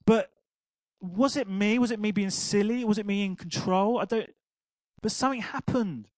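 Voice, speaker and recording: An older man preaching, his voice sitting somewhat high. He tells stories with animated energy and laughs along with them. The sound is dry and close. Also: normal speed, dry recording, low-quality recording. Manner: animated storytelling, laughing at his own anecdote. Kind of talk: sermon.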